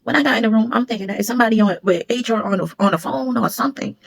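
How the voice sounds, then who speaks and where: A former security supervisor with a slightly high, gravelly voice rattles through a casual storytime vlog. She retells events quickly and animatedly, acting out what other people said.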